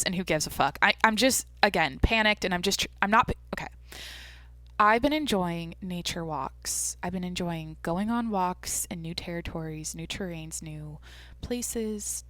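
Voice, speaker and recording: A woman's voice: mid-range voice, a bit bright, no echo. A woman hosting her own podcast alone, chatting casually, rambling, restarting her sentences and swearing freely. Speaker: podcast host. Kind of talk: casual solo chat.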